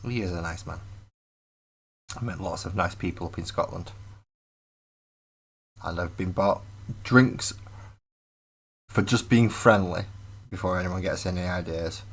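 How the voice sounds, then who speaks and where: Low-voiced, blunt, sweary man streaming. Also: a little slow, long pauses, fairly bright tone, breathy edge. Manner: blunt, sweary, rambling, answers chat messages. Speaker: live-streaming hobby painter. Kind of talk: casual live-stream chat. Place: home hobby desk, indoors. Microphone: webcam or desk mic.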